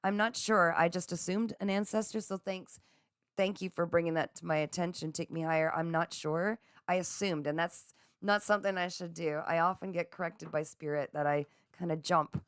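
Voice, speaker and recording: A woman hosting a live spiritual chat, speaking in a gentle, affirming and soothing way as she reads out viewer comments. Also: lowish voice, fairly even intonation, moderate pace, clear, resonant tone, no room sound, studio quality. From Canada. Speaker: psychic livestream host.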